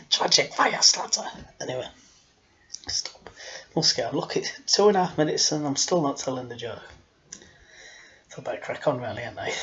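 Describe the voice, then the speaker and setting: A man of middle pitch, rambling and sighing through a casual joke-telling video. He pokes fun at himself as he wanders off topic. The recording sounds slightly dull and lo-fi. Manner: rambling, self-mocking, sighing often. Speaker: storyteller host.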